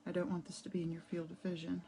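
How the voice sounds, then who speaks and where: A woman teaching a live painting and collage demo, chatty and enthusiastic, greeting viewers as she works, a little hoarse from a cough drop. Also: on the low side, completely flat delivery, racing, warm tone, soft background music. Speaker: art instructor. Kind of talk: casual live craft demo. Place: home art studio.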